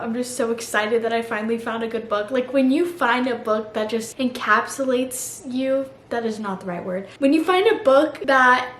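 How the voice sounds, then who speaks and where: High-voiced gushing young woman vlogger. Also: normal speed, few pauses. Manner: gushing, animated, slangy. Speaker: book vlogger. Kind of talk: casual vlog chat. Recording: echoey room with faint ambience.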